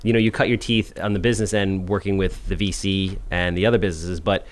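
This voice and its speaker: Man, podcast host, lowish voice, upbeat, emphatic, casual interview. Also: steady tone, fast.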